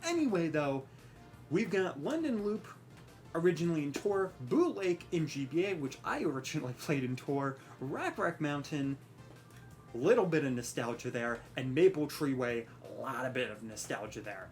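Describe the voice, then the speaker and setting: A woman's voice: low-pitched, sing-song, moderate pace, darkish tone, soft background music. A young woman giving casual, rambling let's-play commentary over a racing game, joking about herself and yelping at the action. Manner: chatty, rambling, self-mocking, yelps at the game. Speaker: gaming commentator.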